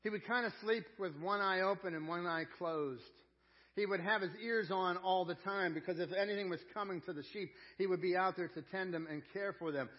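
Here a pastor delivers a sermon in a high, fairly quick voice, earnest and folksy in tone. He repeats words as he hunts for them and swings from loud emphasis to quiet intensity, captured on dull, lo-fi church audio.

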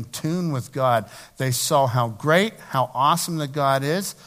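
A middle-aged man preaching a sermon, talking in a conversational way and slowing down to stress scripture lines. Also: mid-range voice, fairly bright tone. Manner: conversational preaching, rising to emphatic slowed scripture reading. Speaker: pastor.

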